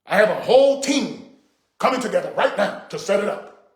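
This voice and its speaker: A man's voice: sits high, expressive, brisk. A middle-aged man ranting to camera in an indignant, preachy way, repeating his points for emphasis. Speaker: vlogger. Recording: echoey room.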